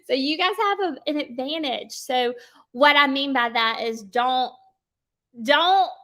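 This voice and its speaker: A woman coaches a group on sales in a chatty, casual way. Her voice sits high, and she keeps checking in with her listeners as she goes. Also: sharp tone. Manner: chatty, checks in with "okay?" often. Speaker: sales trainer.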